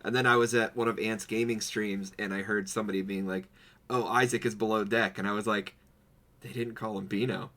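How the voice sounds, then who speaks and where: A man's voice: lowish voice, steady tone, fairly quick, fairly bright tone. A man co-hosting a podcast in casual chat, telling stories with goofy put-on quotes. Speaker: podcast co-host. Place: home streaming setup.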